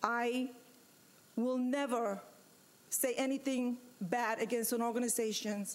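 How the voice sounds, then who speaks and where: A woman serving as vice mayor, giving a firm, emphatic statement at a city commission meeting and repeating her points with pauses. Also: on the high side, flat delivery. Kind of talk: formal statement at a public meeting.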